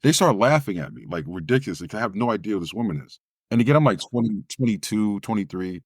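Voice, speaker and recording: In a clean studio recording with no echo, a spoken word poet speaks quickly in a fairly low voice. Recounting a personal story during an interview, he animatedly performs the other people's voices as he quotes them.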